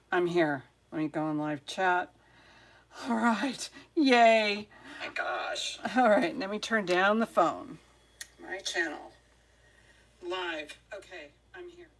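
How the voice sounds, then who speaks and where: A woman fights her tech while hosting a live jewelry sale, muttering to herself and chatting casually in a flustered manner before greeting viewers individually. Her voice is lowish and slow.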